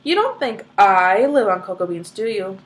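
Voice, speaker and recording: A woman reading aloud, voicing a calm, unbothered eccentric male candy maker. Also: medium pitch, moderate pace, close to an everyday voice.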